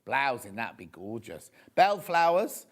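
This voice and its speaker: A man's voice: medium pitch, big pitch swings, measured pace. A man hosting a live TV shopping show, chatting and gossiping enthusiastically as he shows fabrics. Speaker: shopping channel presenter. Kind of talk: live TV selling chat. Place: TV studio.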